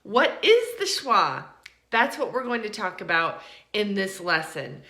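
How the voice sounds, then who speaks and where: Slow, lively American woman teaching. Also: medium pitch. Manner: slow, deliberate, drawing out example words. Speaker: English pronunciation teacher. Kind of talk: online pronunciation lesson. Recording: roomy echo.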